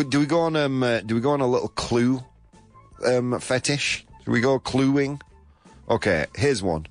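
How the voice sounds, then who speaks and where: A British man hosting a live show, reading out viewer answers in a playful, teasing way. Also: medium pitch. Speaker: show host.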